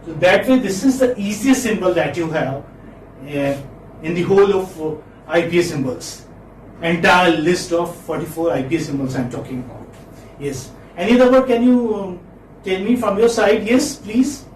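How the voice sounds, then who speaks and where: In a classroom lecture on English phonetics, a man with a high voice speaks at normal speed, repeating words again and again and quizzing his students. The recording is echoey, with a distant mic and faint noise.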